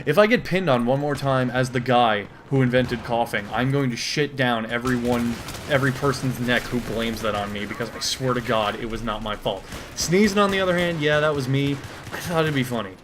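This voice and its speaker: Deadpan rambling man over faint gunfire. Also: mid-range voice, fairly quick, hardly any pauses, noisy background. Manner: deadpan absurd rambling, swearing. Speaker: gaming commentator. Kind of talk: comedic monologue over gameplay. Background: faint gunfire from a shooter game.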